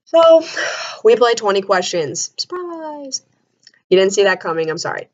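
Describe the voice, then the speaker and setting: Young woman, casual storytelling, animated, shrieks of disbelief, dull lo-fi recording. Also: medium pitch, fast. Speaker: vlogger. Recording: dull lo-fi sound.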